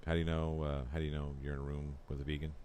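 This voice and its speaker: A man co-hosting a podcast, chatting fast and profanely, getting louder when he gets worked up. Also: a bass voice, little pitch movement, slight background noise. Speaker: podcast co-host. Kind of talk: casual crude banter.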